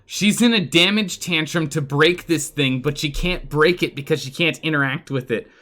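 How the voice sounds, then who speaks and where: A man giving live commentary on a colony game, animated and exclaiming, pleading with his characters. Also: fairly high pitch, moderate pace. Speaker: streamer playing a colony game.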